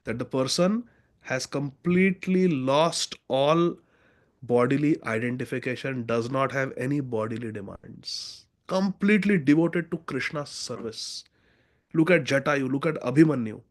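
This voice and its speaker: A man's voice: mid-range voice, measured pace. A man teaching a devotional scripture class, telling stories and acting out the quoted lines.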